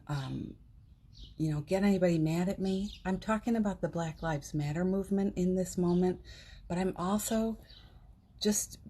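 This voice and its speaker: A woman's voice: fairly low pitch, moderate pace, mellow, breathy edge. A woman hosting a home livestream, talking in a heartfelt, rambling way with many fillers and restarts. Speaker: livestream host. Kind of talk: casual inspirational livestream talk. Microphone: phone on a live stream.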